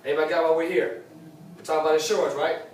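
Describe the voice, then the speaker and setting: A man's voice: fairly high pitch, fairly even intonation, racing. A man giving a motivational talk at a sales meeting, preachy, repeating his key lines for emphasis. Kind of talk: live motivational talk to a room. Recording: distant echoey room with faint noise.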